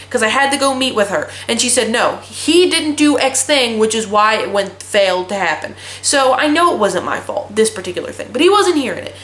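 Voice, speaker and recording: A woman's voice: high-pitched, a bit bright. A young woman in her twenties vlogging casually, telling a story in a blunt, profane ranting way. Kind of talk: casual chat. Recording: echoey room.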